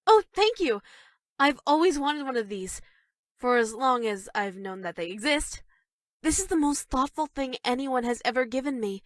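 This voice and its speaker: A woman voicing an obsessive, lovestruck teenage schoolgirl in game dialogue, giggly and breathy, swinging between gushing and dark murmurs. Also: high voice, lively intonation, moderate pace, no room sound, clean studio sound.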